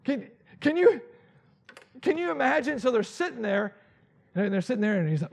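A male pastor preaching a dramatic, animated sermon and acting out Bible scenes. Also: extremely high pitch, normal speed, gravelly, pauses often.

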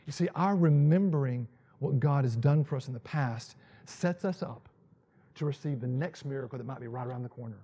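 A male pastor preaching a dramatic, animated sermon and acting out Bible scenes. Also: mid-range voice, a little fast, slightly rough.

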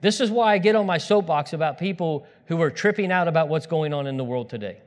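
A man with a fairly high voice preaches a sermon in a church hall, where his words ring out with a long reverb. He talks straight to the congregation, leaning hard on key lines and then dropping into quiet, personal asides. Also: fast.

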